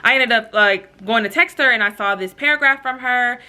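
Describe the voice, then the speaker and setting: A young woman telling a storytime vlog in casual, slangy chat, with quick asides to her viewers. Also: fairly high pitch, sharp tone. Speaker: vlogger.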